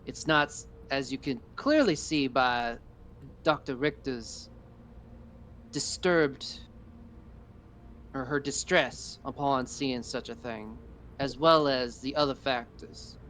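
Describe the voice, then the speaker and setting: A man voicing a polite, formal gentleman who smooths things over. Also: medium pitch, slight background noise. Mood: conspiratorial. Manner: formal, apologetic, slow.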